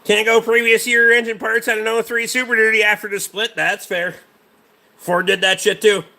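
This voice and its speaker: Profane chatty mechanic man, bright voice. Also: sits high, little pitch movement, normal speed, gravelly. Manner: profane, rambling, answers chat. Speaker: livestream host, mechanic. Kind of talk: casual livestream chat.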